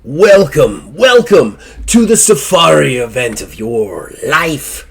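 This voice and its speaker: A grandiose alien showman rolls out his words slowly and theatrically, as a man puts him on. The voice sits high above his usual pitch and swells with showy pomp. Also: big pitch swings, creaky, breathy edge, heavily acted.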